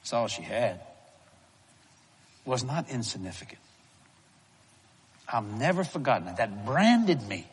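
Middle-aged preacher guy, folksy storytelling, kinda husky, big hall reverb. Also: medium pitch, measured pace, long pauses. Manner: folksy, animated storytelling with chuckles. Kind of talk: storytelling sermon.

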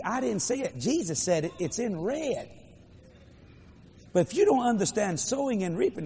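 An older man preaching a storytelling sermon in a large hall, animated and playful with dramatic swings. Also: high voice, creaky, slight background noise. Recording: echoey hall, faint crowd ambience.

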